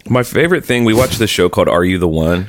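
A middle-aged man with a very low voice trades crude jokes in loose podcast banter. His pitch leaps around with lively energy, and the sound is dry and close to the mic. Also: quick pace, dry recording. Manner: crude, joking, plays bits. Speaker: podcast co-host. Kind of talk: casual comedic chat.

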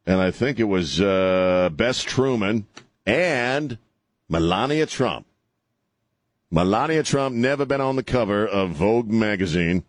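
A man's voice: fairly low pitch, expressive, a little slow, no echo. A man hosting an opinionated political talk show, sarcastic and mocking, rambling with many fillers.

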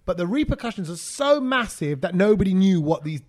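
A man's voice: sits high, very animated, a little fast. A man co-hosting a podcast, chatting casually in a joking, emphatic, opinionated way. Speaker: podcast co-host.

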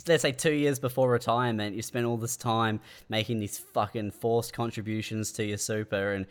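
A man's voice: fairly low pitch, steady tone, normal speed, clear, resonant tone. A man musing through dry tangents in a casual comedic chat as podcast co-host.

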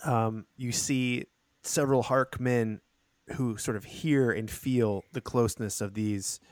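A man narrating as game master of a tabletop role-playing game, chatty, laughing and giving the side characters quick voices. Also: medium pitch, fairly even intonation, darkish tone, dry recording.

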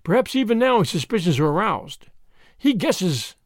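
A man voicing an excitable, menacing male conspirator who snarls and frets. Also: sits high, moderate pace, no room sound, clean studio sound. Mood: agitated. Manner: agitated, snarling, suspicious.

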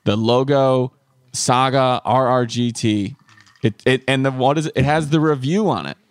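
A man's voice: mid-range voice, normal speed, dry recording. A man co-hosting a comedy podcast over a remote call, teasing and playful in casual talk. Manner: teasing, playful, laughing along. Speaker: podcast co-host. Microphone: remote call setup.

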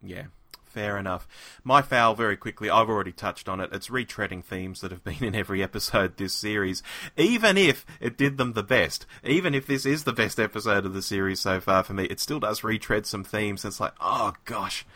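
A man's voice: lowish voice, expressive, fairly quick, sharp tone, no room sound. A man co-hosting a podcast and giving an enthusiastic, conversational episode review on a close mic. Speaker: podcast co-host. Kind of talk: casual review chat.

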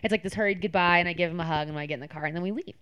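Young woman, casual storyteller: rapid, smooth, animated, lots of "like". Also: on the low side, dull audio. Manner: animated, chatty, many "like" fillers.

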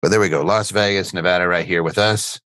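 A middle-aged man hosts a podcast from a studio, and the session is a casual live webinar chat where he rambles, jokes and laughs easily. His low voice is quick and a bit bright, with fairly even intonation, in a dry recording.

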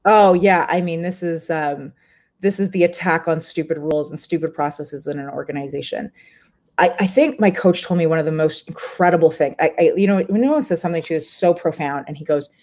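A woman's voice: deep voice, brisk, a little mellow. A woman founder talking candidly in a live video interview from a hotel room, laughing often and restarting her sentences. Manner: many fillers and restarts. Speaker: startup founder.

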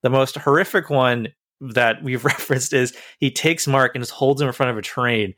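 Guy on a podcast eagerly retelling a story, mid-pitched voice, dry close sound. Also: moderate pace, no echo. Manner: earnest, animated retelling of a story. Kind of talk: casual chat.

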